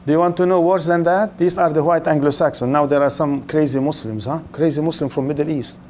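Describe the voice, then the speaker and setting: An older man with a slightly high voice and a lectures a live audience. He keeps throwing rhetorical questions at the listeners and stretches words out for emphasis. Faint room ambience sits behind him. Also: fairly even intonation, quick pace, a little mellow, a little hiss or hum. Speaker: Islamic lecturer.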